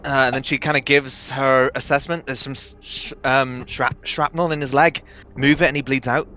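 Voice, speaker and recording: A man's voice: medium pitch, little pitch movement, normal speed, bright, forceful tone, a little hiss or hum. A man playing a tabletop game who talks casually and hesitantly. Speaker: player.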